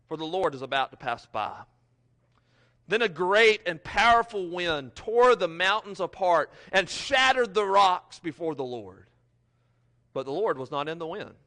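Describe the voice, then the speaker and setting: A man preaching a sermon, swinging between loud, emphatic lines and soft, almost whispered ones as he reads scripture and applies it. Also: sits high. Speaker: pastor.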